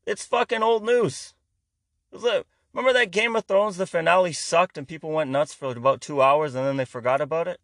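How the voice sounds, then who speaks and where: A man's voice: on the high side, fairly quick, a bit bright, dry recording. A man, delivering a rambling, profane, sarcastic comedy rant. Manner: heavy swearing, rambling, sarcastic.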